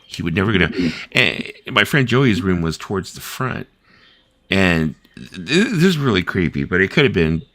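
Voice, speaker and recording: A man's voice: low-pitched, sing-song, normal speed, fairly bright tone, no echo. A man in his fifties hosting a casual late-night chat, rambling through stories full of "like" and "you know" and acting out the voices of the people he quotes. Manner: rambling storyteller, filler-heavy, lots of "like" and "you know"; acts out quoted voices while telling stories. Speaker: host.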